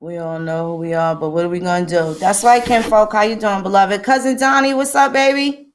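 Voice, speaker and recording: A woman's voice: mid-range voice, fairly quick. A woman hosting a livestream, ranting emphatically with a lot of profanity and greeting viewers by name. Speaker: livestream host. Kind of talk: livestream commentary.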